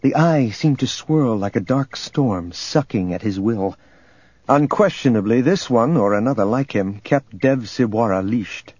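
A man reading a story aloud as narrator, in a steady, measured way. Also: mid-range voice, a little hiss or hum. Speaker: audiobook narrator. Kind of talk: scripted narration. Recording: dull lo-fi recording, faint music.

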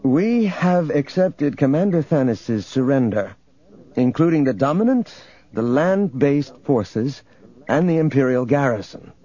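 A man reading a calm young jedi. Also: medium pitch, unhurried, highs cut off, voice pushed up.

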